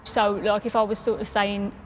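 Brief: woman poet with a Black Country accent, chatty and amused, mid pitch, faint background noise. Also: monotone, normal speed. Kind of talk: explaining dialect on a travel show.

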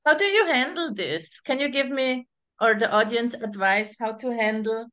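Bright, clear-voiced woman interviewer. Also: on the high side. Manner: halting, restarts while searching for words. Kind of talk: casual interview.

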